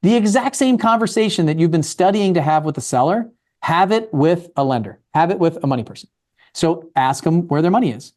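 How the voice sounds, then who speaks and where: A man's voice: fairly high pitch, expressive, brisk, darkish tone. A man from Maryland giving a casual real estate talk, acting out both sides of conversations with investors. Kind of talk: casual talk with acted dialogue.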